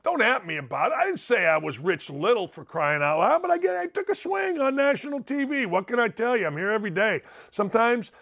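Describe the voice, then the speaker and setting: A man's voice: high voice, very animated, a little fast, creaky, hardly any pauses, a bit bright. A man hosting a sports talk show, riffing through a brash, wisecracking monologue. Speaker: sports radio host.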